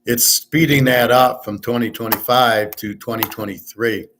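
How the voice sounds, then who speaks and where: A man hosting a casual livestream, talking loud and clear on purpose, blunt and opinionated, rambling from one point to the next. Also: mid-range voice, steady tone, normal speed, background noise. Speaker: sports handicapping show host. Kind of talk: casual livestream chat with viewers.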